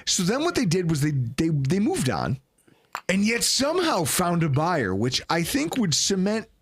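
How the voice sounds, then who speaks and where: A man's voice: high voice, wildly swooping pitch, moderate pace, husky. A man hosting a sports podcast in a studio, ranting sarcastically. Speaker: podcast host.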